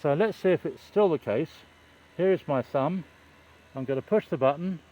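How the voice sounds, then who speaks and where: A man's voice: a little high, lively intonation, moderate pace, highs cut off. An older man vlogging outdoors beside a construction site, chatting in a meandering, hesitant way with wry self-deprecating humour, filming on a handheld phone. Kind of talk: rambling casual vlog chat.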